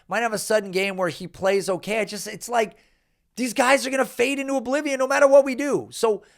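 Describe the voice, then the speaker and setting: In a gravelly voice, a man rants animatedly and with exasperation about his fantasy football draft, swearing often and jumping up in pitch.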